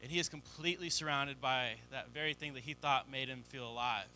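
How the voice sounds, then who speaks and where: A man's voice: medium pitch, a little fast, bright, forceful tone, a little hiss or hum. A young adult man preaching a sermon, telling a story and acting out the voices in it. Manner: storytelling, acts out quoted voices. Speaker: pastor.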